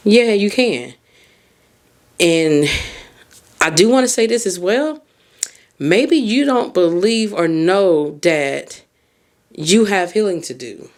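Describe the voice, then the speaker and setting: A woman hosting a podcast, giving a casual motivational monologue in an emphatic, colloquial way, talking straight to the listener. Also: fairly low pitch. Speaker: podcast host and mindset coach.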